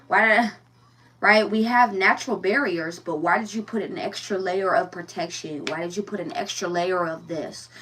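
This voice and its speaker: A woman's voice: lowish voice, moderate pace, a bit bright, distant mic, a little hiss or hum. A woman giving a casual tarot reading, blunt and profane, firing rhetorical questions and repeating herself. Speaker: tarot reader.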